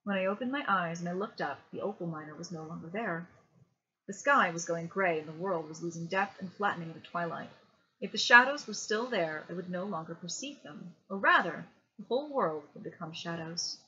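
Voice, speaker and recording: A woman reading a novel aloud as a bedtime story, in a hushed, measured way. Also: fairly low pitch, animated, slight background noise. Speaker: reader. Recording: dull lo-fi home recording.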